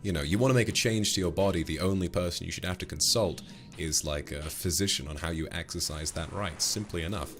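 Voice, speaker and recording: Playful man, low voice. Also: fairly quick, fairly bright tone, soft background music. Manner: playful, flirty, teasing. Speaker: streamer. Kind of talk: casual livestream chat, thanking donors.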